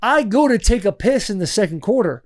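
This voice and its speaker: A man's voice: high voice, fairly quick. A man co-hosting a podcast, telling stories in casual chat and acting out what people said, cursing freely. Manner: animated storyteller acting out quotes, swears freely. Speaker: podcast co-host.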